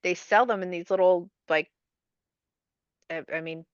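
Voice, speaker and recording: A woman's voice: on the low side, steady tone, unhurried, clean tone, dry recording. A woman on a podcast, discussing and explaining things skeptically. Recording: slightly dull lo-fi audio.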